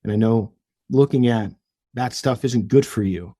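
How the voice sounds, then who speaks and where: A man's voice: medium pitch, moderate pace, dark tone, no echo, studio quality. A young man, a podcast guest, telling his own story earnestly and emotionally, often restarting his sentences. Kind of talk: personal story in an interview.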